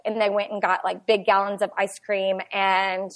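A woman, telling a family story in a chatty, animated podcast conversation. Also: mid-range voice, moderate pace. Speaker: podcast guest. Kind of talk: casual storytelling chat.

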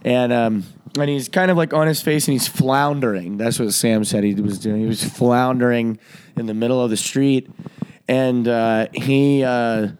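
A man hosting a podcast, with a voice of ordinary middle pitch, tells a long story to friends. He talks casually, curses freely and laughs as he goes. He pushes his voice up loud and high whenever he quotes someone. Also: fairly even intonation, moderate pace, a little hiss or hum. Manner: profane, laughing often while he tells the story; jumps into loud, high voices when quoting people. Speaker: podcast host.

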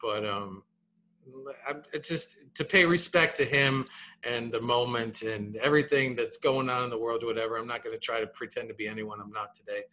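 A man in his thirties co-hosting a casual podcast, animated and repeating his words, tagging "man" onto his sentences. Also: medium pitch, a little fast. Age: 30s. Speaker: podcast co-host.

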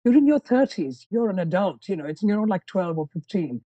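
A podcast host with a very mellow, dark-toned voice, asking probing questions and recapping the guest's story. The sound is dry and close. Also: medium pitch, sing-song, a little fast, no room sound, highs cut off. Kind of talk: interview conversation.

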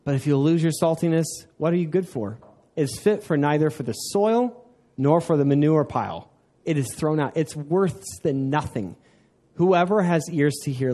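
Chatty young pastor, man, slightly high voice. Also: a little mellow. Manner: conversational, self-deprecating, asks the congregation questions. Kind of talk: sermon.

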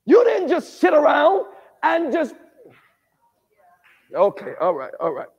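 A man preaching at a Bible study, animated, quizzing the congregation and rising to shouts. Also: very high-pitched, slow, creaky, in a large hall, dull audio. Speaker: pastor. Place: church sanctuary.

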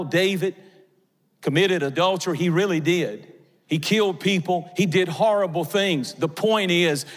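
High-voiced male preacher in a reverberant hall. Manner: impassioned preaching, swelling to shouts. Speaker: pastor. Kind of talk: sermon. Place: church sanctuary with a congregation. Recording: long reverb of a large hall.

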